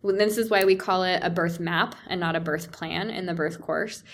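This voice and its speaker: A woman's voice: lowish voice, normal speed, a little hiss or hum. A woman telling a personal story in casual conversation, acting out quoted voices, with many "like" fillers. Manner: animated, acts out quoted voices, frequent "like" fillers.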